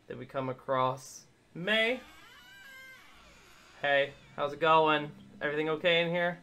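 A man's voice: fairly high pitch, measured pace, pauses often, bright, forceful tone, faint music behind. A man streaming a game live, chatting casually with viewers and cooing at his dog in baby talk. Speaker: livestreamer.

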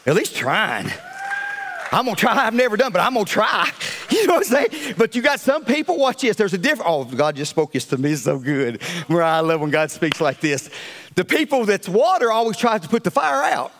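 A man preaching a fiery sermon as pastor, swinging between loud calls and hushed asides. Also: high voice, very animated, a little fast.

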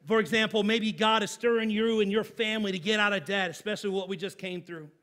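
A man's voice: high voice, steady tone, fast talker, a bit bright. A man, a pastor, preaching a sermon in a conversational, emphatic way with everyday examples.

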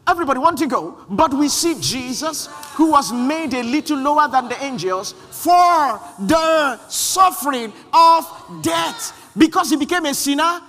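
High-pitched animated preacher. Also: male voice, a little slow, few pauses. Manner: animated, shouting refrains, acts out quoted voices. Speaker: pastor. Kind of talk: sermon. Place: large church hall. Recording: long hall reverb.

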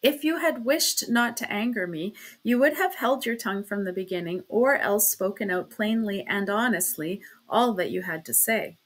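A woman voicing a stern, sharp-tempered young man who speaks curtly. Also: mid-range voice, moderate pace, hardly any pauses, close to an everyday voice. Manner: curt, sharp.

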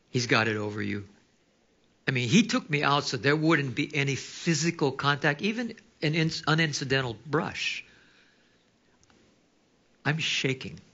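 A man preaching a sermon, telling stories with animation and dropping to hushed asides. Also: medium pitch, highs cut off. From Hawaii. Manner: animated storytelling, drops to hushed quoted asides. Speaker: pastor.

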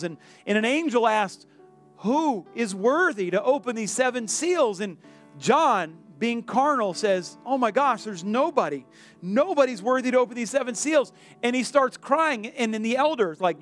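Animated high-voiced male pastor preaching. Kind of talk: sermon. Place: church sanctuary.

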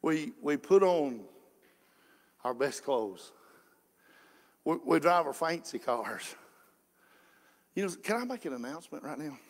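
A pastor preaching a sermon in a folksy way, moving from quiet asides to shouted fervor. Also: male voice, fairly high pitch, very animated, a little slow, pauses often. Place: church sanctuary. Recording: echoey church hall.

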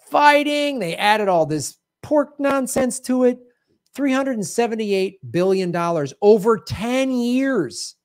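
This show host is a man mid-rant about politics, indignant and full of sarcasm, his voice at a normal pitch and jerking between loud jabs and quiet mutters. Captured dry and up close, the audio has no room sound at all.

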